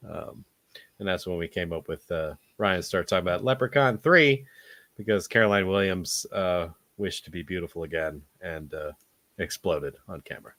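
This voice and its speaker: Male podcast host, lowish bright voice, casual and halting, dry close mic. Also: dry recording. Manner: animated, hesitant with fillers. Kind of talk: casual chat.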